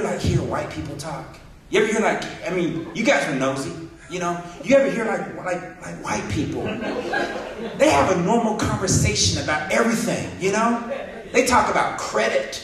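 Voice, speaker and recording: A man's voice: high voice, moderate pace, a crowd in the background. A man doing a stand-up comedy set, telling stories and acting out the people in them. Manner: animated storytelling, acting out other people's voices. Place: hall with a live audience. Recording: echoey hall from far off, audience laughing.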